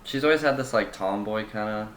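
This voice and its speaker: Young guy, low-ish voice, rambly casual chat, echoey room w/ a bit of hiss. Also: brisk. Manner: rambling, loose storytelling with lots of fillers and swearing. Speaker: podcast co-host. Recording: echoey room, faint room noise.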